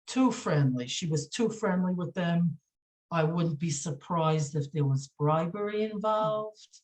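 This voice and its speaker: A woman with a low voice talks as a podcast guest and sounds indignant. She keeps stopping to restart her sentences and leans on repeated words for emphasis. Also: a little mellow. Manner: halting, many fillers and restarts. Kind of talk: emotional podcast interview.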